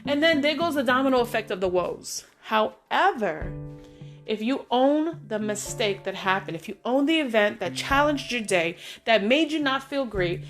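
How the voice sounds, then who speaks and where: A woman's voice: fairly high pitch, animated, normal speed, faint music behind. A middle-aged woman hosting her own vlog, telling a personal story in a chatty, upbeat way and drawing a positive lesson from it. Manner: chatty, upbeat, acts out dialogue in her stories. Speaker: vlog host. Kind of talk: casual motivational storytelling.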